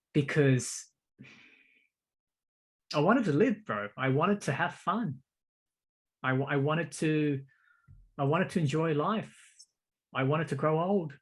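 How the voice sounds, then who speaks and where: A man's voice: fairly high pitch, slow, pauses often, a bit bright. A man hosting a podcast, telling a personal story in casual conversation, stammering and repeating words while calling his listener "bro" and "mate". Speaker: podcast host.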